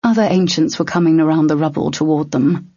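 An audiobook narrator reading fantasy in a steady, measured way, with a husky tone at a mid pitch. The recording is dry and close, slightly dull and lo-fi. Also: dry recording. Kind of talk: scripted narration.

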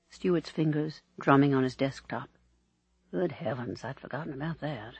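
A man reading an audiobook aloud in an expressive, measured storytelling manner, in a dry, slightly dull recording. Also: fairly high pitch, husky, no room sound. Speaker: audiobook narrator. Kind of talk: scripted narration.

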